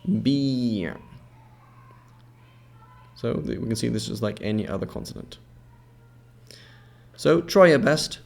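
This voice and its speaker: A man teaching Arabic letter sounds, patiently repeating each sound slowly and checking with the listener as he goes. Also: medium pitch, lively intonation, vocal fry. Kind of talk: instructional explanation with repeated model words.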